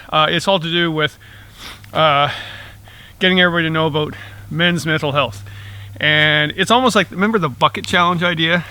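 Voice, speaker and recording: A man's voice: fairly high pitch, bright, forceful tone. A middle-aged man chatting casually outdoors in the woods as he makes tea over a small stove, chuckling often between rambling asides. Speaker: outdoor vlogger. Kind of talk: casual chat while camp cooking.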